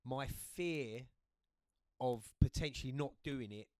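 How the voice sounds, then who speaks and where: A British man in his fifties, chatting on a podcast as a guest, telling stories in a lively way and often checking in with the listener. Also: mid-range voice, takes it slowly, no room sound. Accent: British English. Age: 50s. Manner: lively storyteller, checks in with "right?". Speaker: guest, host's father. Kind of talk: casual podcast chat.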